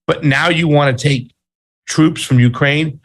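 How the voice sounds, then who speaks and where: A man's voice: a little high, fairly even intonation, unhurried. A man co-hosting a political commentary show, blunt and exasperated, with slangy asides. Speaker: co-host.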